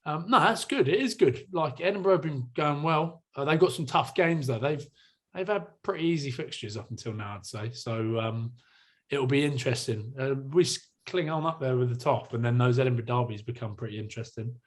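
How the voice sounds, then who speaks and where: A man's voice: mid-range voice, a little fast. A young man co-hosting a rugby podcast, chatting casually, laughing often and swearing freely. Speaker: podcast co-host, rugby player. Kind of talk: casual chat.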